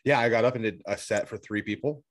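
A man's voice: fairly low pitch, fast, dry recording. Rambling irreverent podcast host, man. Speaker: podcast co-host and stand-up comic. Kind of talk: casual crude banter.

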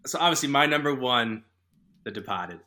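A man's voice: mid-range voice, moderate pace. A man from Boston in casual movie chat, swearing freely and eagerly quoting lines from films. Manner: excited, swears a lot, quotes film lines.

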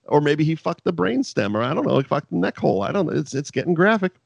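A man recaps old wrestling shows in loose, swearing chat, laughing as he rambles. His pitch swings widely from low mutters to high yelps. The sound is dry and close. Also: very animated, fast talker, vocal fry, dry recording, highs cut off. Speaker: podcast co-host.

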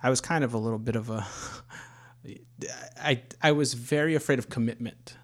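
A man in his early thirties talks in a loose, rambling way, retelling his own story with frank asides and the odd curse. His voice sits at an ordinary middle pitch, and the talk is relaxed and conversational. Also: moderate pace. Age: 30s. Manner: rambling, candid storyteller with frequent swearing. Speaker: podcast host, expecting first child. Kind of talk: casual storytelling chat.

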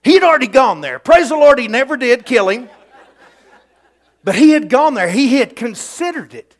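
Middle-aged preacher, high lively voice, emphatic folksy sermon delivery. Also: male voice, moderate pace, a faint crowd.

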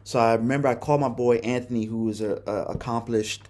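A man's voice: medium pitch, steady tone, fast talker, a little mellow. A man hosting a podcast, telling a personal story in a candid, casual way and cursing often. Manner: candid, profane, conversational. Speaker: podcast host.

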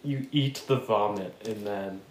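A man guesting on a podcast, chatting casually with a laid-back, wry manner and quick crude comebacks. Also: lowish voice. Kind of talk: casual comedic chat. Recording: echoey room with faint noise.

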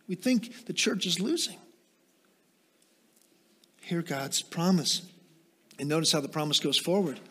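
A man preaching a sermon, asking rhetorical questions and moving into quiet, explanatory teaching with small self-deprecating asides. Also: a little high, lively intonation, a little slow, pauses often, breathy edge. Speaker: pastor.

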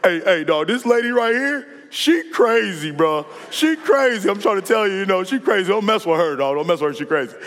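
A man's voice: high-pitched, lively intonation, brisk, hardly any pauses, a bit bright. A man voicing a young male street tough who warns his friends in slang and keeps repeating himself, in a hall with a long echo. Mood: warning. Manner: slangy, emphatic repetition. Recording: long reverb in a large hall.

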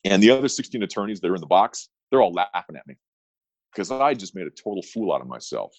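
A man's voice: sits low, animated, quick pace, no echo, low-quality recording. A middle-aged man, an attorney talking as a guest in an interview, telling stories with emphatic, punchy repeated phrases. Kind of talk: interview storytelling.

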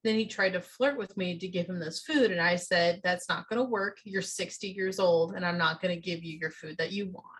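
Husky-voiced woman telling a story. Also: on the low side, fairly quick, few pauses, fairly bright tone. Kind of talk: casual chat.

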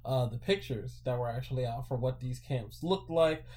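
A man's voice: medium pitch, moderate pace, darkish tone. A man appearing as a podcast guest, rambling and hesitating with many fillers as he chats. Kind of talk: casual podcast chat.

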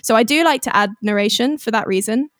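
A woman's voice: a little high, fast, fairly bright tone, no echo, clean studio sound. A woman composer chatting casually on a podcast, rambling and self-deprecating with plenty of fillers, recorded on a mic with a pop shield. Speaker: composer guest. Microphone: studio mic with pop shield.

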